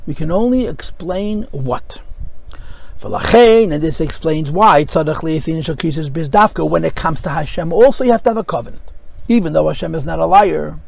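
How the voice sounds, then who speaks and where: A man's voice: a little high, expressive, normal speed, vocal fry, low-quality recording. A man teaching a Chassidic discourse class, explaining texts with rhetorical questions and many Hebrew terms. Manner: explanatory, mixes Hebrew and Yiddish terms with English. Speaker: Torah teacher.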